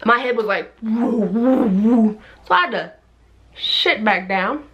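A young woman vlogger telling a story in a casual, animated way, acting out everyone in it with big jumps in her voice. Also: a little high, slow pace, highs cut off.

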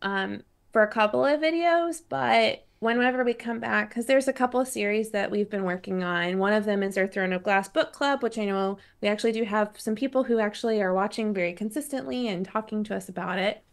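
A woman's voice: mid-range voice, fairly quick, vocal fry, few pauses. A young woman co-hosting a casual chat, upbeat and laughing easily. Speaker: co-host.

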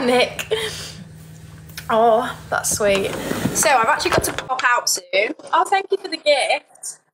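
Brief: giggly young Yorkshire woman, a bit high, phone livestream, faint noise. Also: lively intonation, takes it slowly, long pauses. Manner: chatty, giggly, reads comments aloud. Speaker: livestreamer reading viewer comments. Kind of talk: casual livestream chat.

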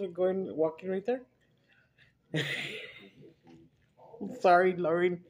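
On camera, a woman eats while rambling through chatty stories, slipping in Spanish words and laughing often. She's a mukbang vlogger with a fairly low, mellow voice.

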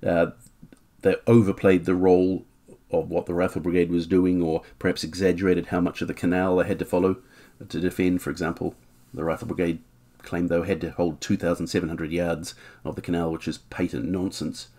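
Low-voiced man telling war history. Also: level tone, warm tone. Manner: frank, opinionated asides in a measured tone. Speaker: military history narrator. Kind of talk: history storytelling, reading and commenting on sources.

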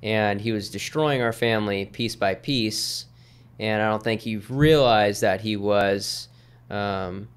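Male guest, 30s, smooth resonant voice, relaxed rambling storyteller. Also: fairly low pitch, takes it slowly. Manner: easygoing, rambling, with many fillers. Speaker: podcast guest. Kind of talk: casual storytelling in conversation.

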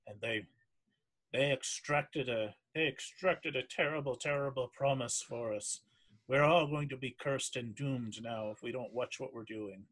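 A man playing a shaken sailor who stammers through every sentence, halting and fearful. The voice sits at a middle pitch with a husky edge. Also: fairly bright tone, low-quality recording.

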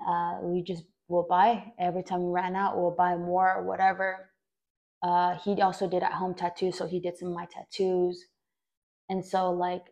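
A woman's voice: fairly low pitch, darkish tone. A young woman hosting a podcast, telling a personal story in a rambling way with many fillers. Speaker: podcast host.

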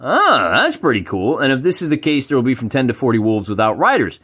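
A man's voice: mid-range voice, very animated, fairly quick, fairly bright tone, slightly rough. A man hosting a wargaming video, talking casually and enthusiastically while reading rules aloud. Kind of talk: casual explanatory talk.

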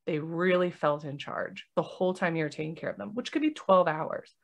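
A woman's voice: on the low side, brisk, gravelly. A woman who is a nurse and podcast host, chatting casually and acting out the conversations she retells. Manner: animated storytelling, acting out quoted conversations.

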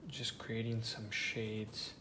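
A man teaching a step-by-step painting tutorial, talking softly and half-whispering as he works. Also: lowish voice, monotone, slow, reverberant, noisy background. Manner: soft, half-whispered guidance while painting. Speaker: painting instructor.

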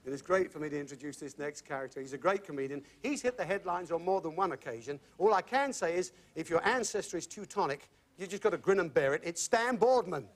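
A man's voice: a little high, expressive, fast, hardly any pauses, a little hiss or hum. A man hosting a TV game show, bantering and teasing contestants in a bouncy way as he reads out clues. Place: TV studio.

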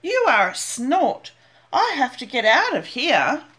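A lost little baby bird, as an older woman reads it aloud, anxious and pleading in a small, high, swooping voice. It drawls its words slowly and cries out as it searches. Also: wildly swooping pitch, sharp tone, heavily acted. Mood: eager.

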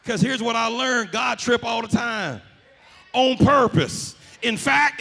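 High gravelly man. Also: measured pace. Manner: preaching with rising shouts and rhythmic "uh" cadence. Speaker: pastor. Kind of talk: sermon.

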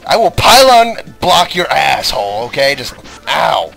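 A man's voice: fairly high pitch, big pitch swings, measured pace, creaky, fairly bright tone, soft background music, poor audio. A young man giving casual, crude let's play commentary and laughing through his lines.

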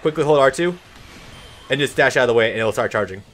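A man's voice: mid-range voice, animated, fast talker, fairly bright tone, soft background music. A man giving casual gameplay commentary, laid-back, swearing freely and trailing off with ums. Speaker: let's play host.

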